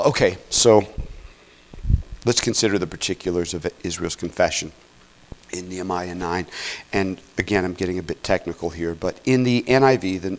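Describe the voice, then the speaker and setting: A pastor with a low-sitting voice preaches in an earnest teaching tone, often checking in with "okay?" He swings between loud, emphatic peaks and quiet asides, and the audio is poor.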